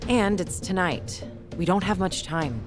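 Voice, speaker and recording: Crisp level-headed game ally. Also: female voice, lowish voice, lively intonation, a little slow, music in the background. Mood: matter-of-fact.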